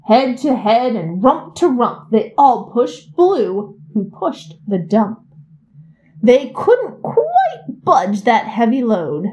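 A woman reading a children's picture book aloud in an expressive, sing-song way. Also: fairly high pitch, slow pace. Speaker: reader.

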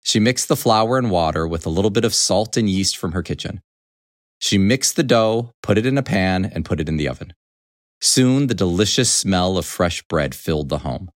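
A man reading a children's storybook aloud in an expressive, animated way. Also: low voice, normal speed, dry recording, clean studio sound.

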